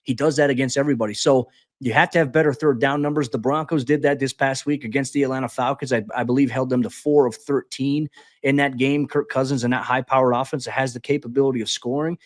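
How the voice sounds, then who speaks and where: A man on a sports podcast, talking football in a casual, animated way with frequent stammered restarts. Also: medium pitch, quick pace, dry recording, studio quality. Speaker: guest podcast host. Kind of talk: casual sports analysis chat.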